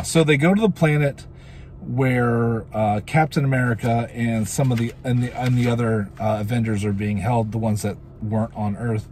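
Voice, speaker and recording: A man talks through a show episode in a loose, casual recap at a middling pitch. He rambles and drifts into goofy asides, filling pauses with ums and uhs, over a faint hiss. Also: steady tone, darkish tone. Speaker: show reviewer.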